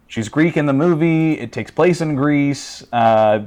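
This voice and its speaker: A man guesting on a podcast, explaining things in a relaxed, rambling way with lots of fillers. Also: on the high side, unhurried. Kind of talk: casual podcast chat.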